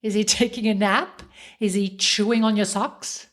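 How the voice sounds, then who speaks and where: A woman from French-speaking Switzerland with a Swiss French accent, hosting a motivational podcast in a playful, encouraging way and slowing down to stress key words. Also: medium pitch, fairly even intonation, a bit bright. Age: middle-aged. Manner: playful and encouraging, with dramatic slowed emphasis. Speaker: podcast host.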